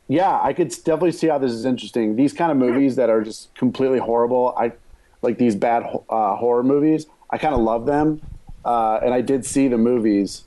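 Male podcaster, mellow tone, rambling and jokey, casual movie talk. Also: mid-range voice. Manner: rambling, self-interrupting, joking.

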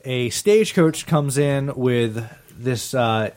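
A man's voice: mid-range voice, takes it slowly, darkish tone. A man hosting a casual film podcast, recapping the plot with jokes and fillers. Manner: joking, summarizes plot with fillers.

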